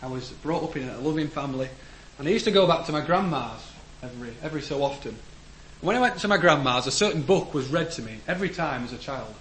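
A man's voice: expressive, fast talker, hardly any pauses, a bit bright. Earnest man preaching in an echoey church. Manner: earnest, with sudden emphatic rises and trailing low phrase ends. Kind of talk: sermon. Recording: echoey room with faint background noise.

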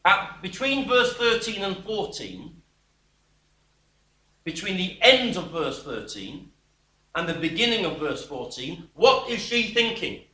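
Preacher, male, high bright tone, unhurried emphatic delivery, echoey hall sound. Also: very animated. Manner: slow, emphatic preaching with sudden drops to a quiet voice. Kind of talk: sermon. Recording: echoey room.

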